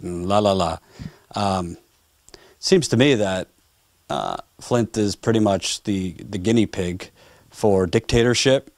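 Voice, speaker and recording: A man's voice: sits low, a little mellow, no echo. A man interviewing as a political reporter, blunt and conversational. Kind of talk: interview questions.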